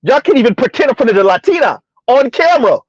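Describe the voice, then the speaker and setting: A high-pitched man hosts a commentary, firing off mocking rhetorical questions and stretching words for emphasis. The sound is dry and a little muffled. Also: big pitch swings, quick pace, husky, no echo. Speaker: commentary video host. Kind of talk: reaction commentary.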